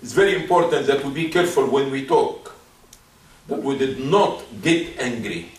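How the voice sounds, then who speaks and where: A man's voice: medium pitch, normal speed. A man preaching a Friday sermon, emphatic and repeating his key points. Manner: acts out soft apologetic asides. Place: mosque hall. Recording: roomy, distant mic.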